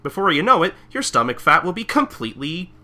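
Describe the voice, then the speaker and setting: A man's voice: fairly high pitch, very animated, a little fast, pushed and bright, pitched above the performer's own voice, heavily acted. A man voicing a perky young woman who pushes a diet gadget in a chirpy, sing-song way.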